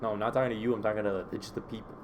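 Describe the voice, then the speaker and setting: Laid-back young man, low jokey banter. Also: little pitch movement, racing, slight background noise. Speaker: podcast co-host. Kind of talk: casual chat.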